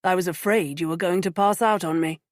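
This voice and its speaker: A woman voicing a composed male bank manager who speaks calmly and matter-of-factly in an audiobook. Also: lowish voice, fairly quick, no echo, clean studio sound, close to an everyday voice. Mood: curt. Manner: calm, clipped, matter-of-fact.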